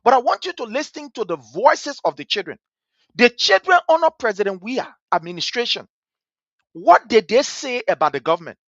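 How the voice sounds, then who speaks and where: A woman's voice: on the high side, very animated, moderate pace, fairly bright tone, no echo, lo-fi sound. A woman hosting a political talk show, speaking in an emphatic, repetitive, sermon-like way. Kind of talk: political commentary monologue.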